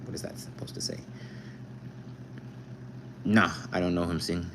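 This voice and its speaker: A man's voice: sits low, steady tone, measured pace, pauses often, in a whisper, poor audio. A young man casually chatting with viewers on a live stream, reading their comments aloud and joking with them. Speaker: livestreamer.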